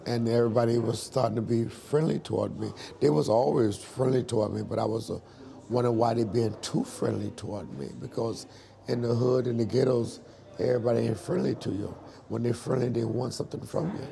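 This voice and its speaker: A man in an interview, telling his life story in a lively storytelling way and acting out the dialogue. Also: mid-range voice, fairly quick, creaky.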